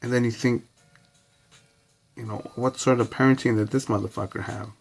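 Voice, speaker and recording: An adult man vlogging in a rambling, profane, reflective monologue full of pauses and fillers. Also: medium pitch, steady tone, creaky, breathy edge, soft background music.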